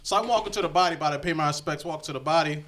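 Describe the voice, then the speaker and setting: A man's voice: fairly high pitch, very fast, fairly bright tone. A young man from Connecticut performing a stand-up comedy set, talking loosely and conversationally. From Connecticut, USA. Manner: loose, conversational, slips into character voices for quoted people.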